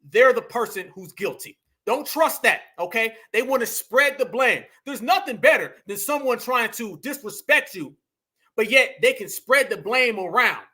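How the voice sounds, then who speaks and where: A man with a very high, pushed, bright voice hosts a heated commentary monologue. He is emphatic, says lines over again, and refers to his audience as family.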